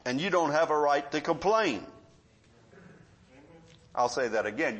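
Middle-aged pastor, high voice, folksy storytelling preacher who drops to hushed asides. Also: male voice, animated, unhurried. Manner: storytelling preacher, swings between loud emphasis and quiet asides. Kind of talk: sermon.

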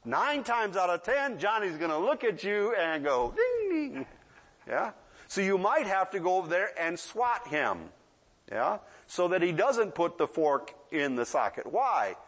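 A man's voice: high-pitched, sing-song, moderate pace, fairly bright tone. A man in his sixties preaching a sermon in a conversational way, often checking in with the audience and acting out children's voices in asides. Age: 60s.

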